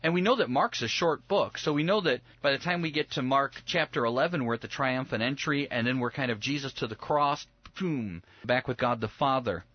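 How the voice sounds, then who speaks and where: Guy hosting a bible study chat, animated, puts on voices, dry muffled audio. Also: medium pitch, fairly quick, hardly any pauses, no echo. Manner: animated, acts out voices of biblical figures. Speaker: Bible study podcast co-host. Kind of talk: casual Bible discussion.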